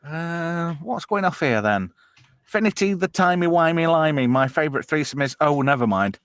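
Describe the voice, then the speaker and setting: A man's voice: on the high side, expressive, normal speed, a bit bright, smooth, no echo. A man with an English accent hosting a casual online chat show, swearing freely, laughing often and reading out viewer comments. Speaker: podcast host.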